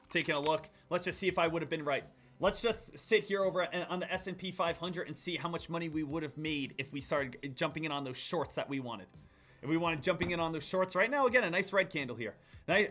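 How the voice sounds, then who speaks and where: Excitable high-voiced man trading live. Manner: excitable, jumps between loud hype and muttering. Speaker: day trader streaming his trades.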